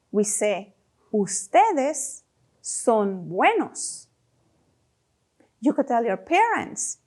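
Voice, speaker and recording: A woman teaching a children's Spanish lesson, speaking model phrases slowly and prompting learners to repeat them with encouragement. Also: sits high, a little mellow.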